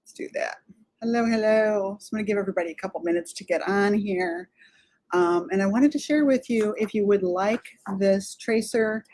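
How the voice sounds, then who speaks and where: A middle-aged woman hosts a live craft tutorial in a friendly, rambling way. She greets her viewers by name, drifts onto side topics and corrects herself as she goes. Her voice sits at an ordinary mid pitch. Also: a little mellow. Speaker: art tutorial host.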